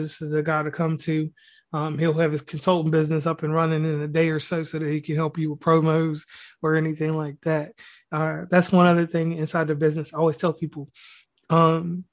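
Male podcast host, fairly high pitch, rambling slangy praise. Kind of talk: casual interview talk.

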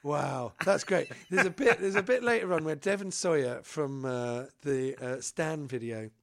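A man chatting casually as a podcast co-host, his voice a touch high and gravelly with fry. He rambles through excitable stories and laughs as he goes. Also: normal speed. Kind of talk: casual chat.

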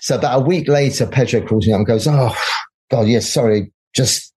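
A man's voice: mid-range voice, fairly quick, warm tone, breathy edge. A middle-aged man, a graphic designer and film producer, chatting as a guest and telling anecdotes, acting out the voices of the people he quotes and laughing often. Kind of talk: casual anecdote-telling interview.

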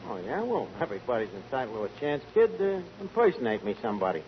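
A man's voice: mid-range voice, sing-song, fast, lightly acted. A man playing a brash, scheming bar manager who wisecracks and mangles his grammar, in 1940s radio comedy. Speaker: tavern manager. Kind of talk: 1940s radio sitcom acting. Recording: dull lo-fi 1940s radio broadcast with hiss.

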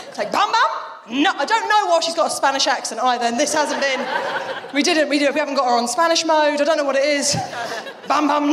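Animated British woman doing stand-up. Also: high voice, big-room sound, background noise. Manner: chatty, animated, breaks into voices. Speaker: stand-up comedian. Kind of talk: live stand-up routine.

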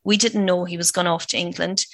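A woman's voice: fairly low pitch, fairly even intonation, fairly quick, fairly bright tone, dry recording. A woman reading the lines of an anxious older mother who tries to keep the peace. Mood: flustered. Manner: flustered, placating.

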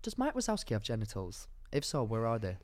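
A young man, co-hosting a casual comedy podcast chat, animated and teasing, getting loud in bursts. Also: mid-range voice, fast, a little hiss or hum. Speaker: podcast co-host.

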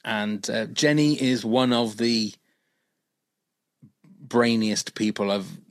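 A man's voice: on the low side, slow pace, no room sound. Chatty man with a dry, close sound. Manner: rambling, enthusiastic, many fillers. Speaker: podcast co-host. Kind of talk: casual chat.

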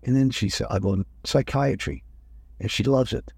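An older man, a guest in an interview, telling rambling personal stories in a relaxed conversational way and often correcting himself mid-sentence. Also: mid-range voice, moderate pace, vocal fry, husky, dry recording. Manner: rambling, self-correcting anecdotes.

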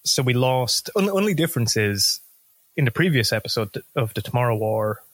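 A man's voice: medium pitch, lively intonation, normal speed, no room sound. Casual man, dry close sound. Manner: rambling, swears casually. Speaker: podcast co-host. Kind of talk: casual film podcast chat.

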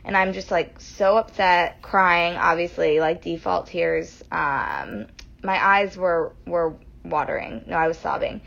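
A woman's voice: on the low side, a little slow, creaky, fairly bright tone. A young woman chatting casually and expressively, laughing easily. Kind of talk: casual chat. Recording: dull lo-fi sound.

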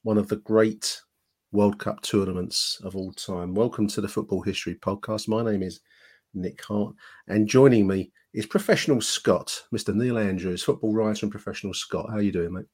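A man hosts a podcast in a relaxed, chatty voice that wanders and restarts as he goes. His voice sits somewhat low. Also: moderate pace, breathy edge. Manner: chatty, meandering, full of restarts. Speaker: podcast host. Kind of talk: casual podcast chat.

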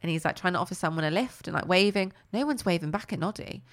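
Woman, casual podcast chat, animated storyteller, playful put-on voices. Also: on the low side, quick pace. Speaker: podcast co-host. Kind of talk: casual chat, retelling a cartoon plot.

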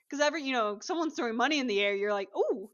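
A woman co-hosting a podcast, chatting casually as she retells a TV episode with lively acted-out quotes. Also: a little high, racing, highs cut off. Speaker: podcast co-host. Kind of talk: casual chat recapping a TV episode.

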